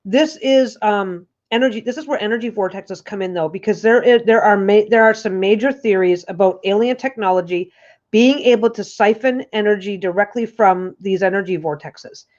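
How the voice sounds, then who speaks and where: A woman's voice: mid-range voice, normal speed, darkish tone. A woman hosting a casual livestream chat from her couch at home, rambling and restarting her sentences often. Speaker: host. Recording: dull lo-fi recording.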